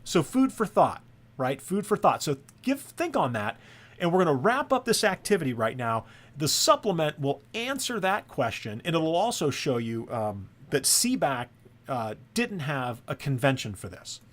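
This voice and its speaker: A man's voice: fairly high pitch, sing-song, normal speed, a bit bright. A man teaching a screen-recorded networking lesson, thinking aloud and often checking in with "right?". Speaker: course instructor.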